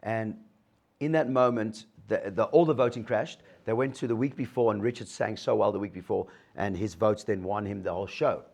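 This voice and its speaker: A man's voice: on the low side, fairly quick, vocal fry, hardly any pauses, darkish tone. A middle-aged man gives a motivational talk to an audience, telling his story and acting out the dialogue. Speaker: guest speaker sharing a recovery story.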